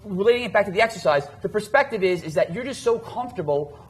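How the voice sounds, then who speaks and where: Fast, lively husky-voiced man. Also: high-pitched. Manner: animated storytelling with many filler words. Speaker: dating coach podcast co-host. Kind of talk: casual podcast chat.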